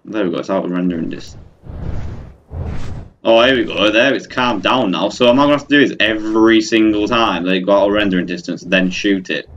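A man's voice: on the low side, lively intonation, a little fast, highs cut off, slight background noise. A young man commenting on his own gameplay, exasperated and ranting at the game while talking to his viewers. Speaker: gaming channel host. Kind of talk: let's play commentary.

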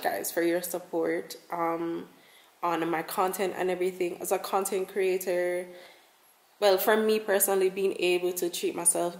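A woman's voice: lowish voice, roomy sound. A young woman travel vlogger talking casually to camera in a rambling, effusive way, often repeating her words.

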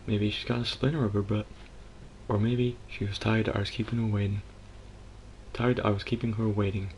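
A young man putting on a soothing, hushed put-on American accent, impersonating a gentle, soft-spoken male TV painter. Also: lowish voice, flat delivery, normal speed, slight background noise, natural voice, rough recording.

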